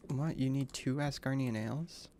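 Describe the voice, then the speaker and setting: Man, gravelly, mid-pitched, livestream gamer, crude slangy reactions, reads game text aloud. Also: moderate pace, dark tone, slight background noise. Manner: crude slang-heavy reactions, swears often. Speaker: streamer. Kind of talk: casual gaming livestream commentary.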